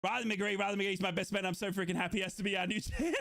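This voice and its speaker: A young man from Australia who streams football watchalongs, shouting in delight and calling the play-by-play while out of breath. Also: sits high, creaky. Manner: euphoric fan shouting and yelling over goals, then rapid play-by-play. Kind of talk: excited live match commentary for a watchalong stream.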